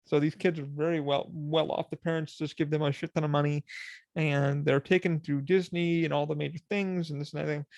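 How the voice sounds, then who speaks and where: A young man hosting a podcast in casual solo chat, rambling and profane, laughing and quoting people in animated voices. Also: on the high side, dry recording. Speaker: podcast host.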